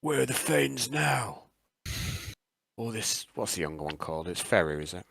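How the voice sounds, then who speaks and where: A man's voice: lowish voice, big pitch swings, normal speed, vocal fry, fairly bright tone, no room sound. A man playing in a tabletop game, asking questions and thinking aloud in casual chat. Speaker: player.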